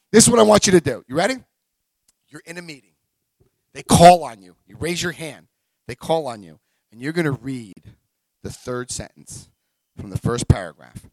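A man with a high voice addresses a recovery meeting, telling animated stories. He jumps between loud bursts and muttered asides, with crude humor. The sound is dry and close. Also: no room sound. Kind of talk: animated talk to a group.

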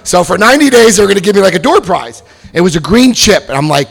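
A middle-aged man giving a comic talk about his recovery, animated and breaking into loud acted-out quotes. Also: high-pitched, quick pace, vocal fry. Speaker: speaker sharing his recovery story.

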